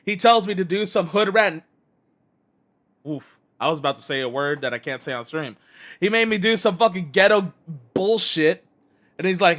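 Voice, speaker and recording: Brief: male streamer, high bright voice, exasperated cursing rant while gaming. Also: normal speed. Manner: exasperated, heavy swearing.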